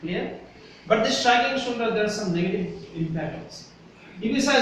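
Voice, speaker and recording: A man lecturing a university class in Bangladeshi-accented English speaks fairly quickly in a high-pitched voice with a fairly bright tone. Emphatic throughout, he keeps asking students "Yes? Clear?" The sound is echoey and distant, with a faint hiss.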